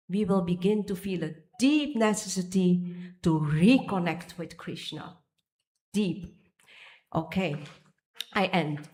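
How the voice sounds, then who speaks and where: Woman giving a devotional temple lecture. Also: a little high. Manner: searching for pages, restarting phrases. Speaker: speaker giving a temple class. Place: temple hall.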